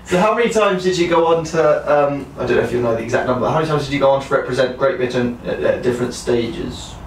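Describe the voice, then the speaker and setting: A man conducts a documentary interview, probing with questions he reworks as he speaks. His pitch is middling. He sounds distant, caught in an echoey room with faint noise behind him. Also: fast talker. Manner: probing, rephrases questions as he goes.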